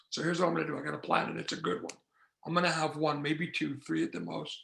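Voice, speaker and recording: A man's voice: a little high, quick pace, creaky, fairly bright tone, echoey room. A man speaking at a recovery meeting, telling his story candidly and with self-mockery, using rhythmic repetition and acting out the voices in his head. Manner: acts out inner voices and dialogue.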